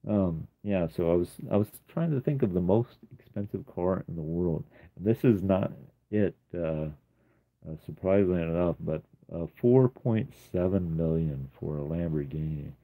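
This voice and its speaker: A man's voice: sits low, normal speed. A man casually walking through his sketchbook, rambling with many ums and uhs. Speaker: artist showing his sketchbook. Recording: tinny phone-like sound.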